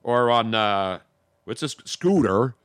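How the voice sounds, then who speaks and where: Rambling, animated radio show host. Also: male voice, medium pitch, slow, clean tone, no room sound, clean studio sound. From Philadelphia area. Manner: rambling, joking, self-interrupting. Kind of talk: casual radio banter.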